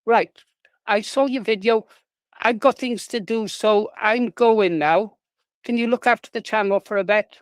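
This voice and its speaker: A man voicing a curt, hurried male alter ego who calls out from a distance. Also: high-pitched, clean tone, no echo, pitched above the performer's own voice. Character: brisk impatient man, a second self. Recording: voice heard from off-mic.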